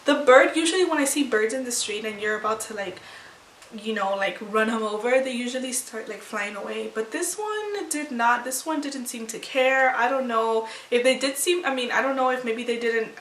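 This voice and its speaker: A woman's voice: a little high, moderate pace, a bit bright, a little hiss or hum. A young woman vlogger telling a personal story to camera in a rambling, emotional way with many restarts. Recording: echoey room, far from mic.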